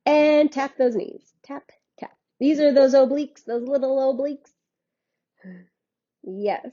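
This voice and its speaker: A woman's voice: sits high, slow pace, pauses often, warm tone, lo-fi sound. A woman fitness instructor guiding a workout in a chatty, encouraging way, laughing often.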